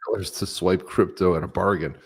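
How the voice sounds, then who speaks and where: A man's voice: low-pitched, fairly even intonation, fast talker, a little hiss or hum. A man co-hosting a live stream, laid-back, reading out viewer comments and chuckling between them. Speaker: co-host. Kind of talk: casual live-stream chat.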